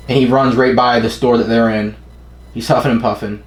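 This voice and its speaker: A young man talks through a comic chapter live, in a loose, profane, chatty way, and he keeps losing track of names. His voice sits in a middle pitch. The sound is roomy and echoey. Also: flat delivery. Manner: casual, profane, forgetful of names, reads panels in quick put-on voices. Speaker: manga reaction streamer. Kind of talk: casual live reaction, reading aloud.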